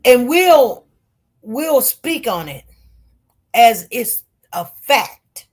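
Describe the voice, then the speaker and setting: High, slow-talking Detroit woman. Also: breathy edge. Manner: animated, emphatic, repeats words. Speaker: live-stream commentator. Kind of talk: casual storytelling to viewers.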